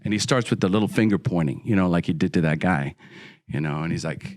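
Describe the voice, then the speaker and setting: A man's voice: animated, a little fast, dry recording, studio quality. A middle-aged man telling his recovery story to an audience, acting out the voices of the people in it. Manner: dramatic storytelling, acts out dialogue with sharp pitch swings.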